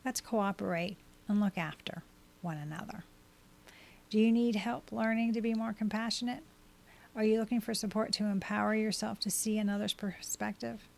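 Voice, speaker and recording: A woman hosting a podcast, reading scripted advice in a steady, measured way as she works through a list of tips. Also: mid-range voice, creaky. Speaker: podcast host and life coach.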